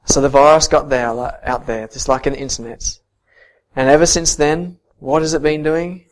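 A man preaching a sermon and reading scripture, earnest, swinging from soft to emphatic. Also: on the high side, steady tone, moderate pace.

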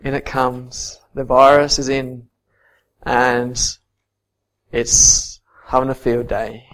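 A man preaching a sermon and reading scripture, earnest, swinging from soft to emphatic. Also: medium pitch, level tone, slow pace.

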